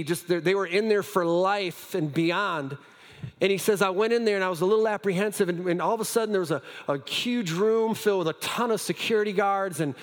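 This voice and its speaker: A high-pitched male pastor preaching in a church hall with a long echo. He tells his story with stumbling restarts, then sinks to hushed lines. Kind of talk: sermon.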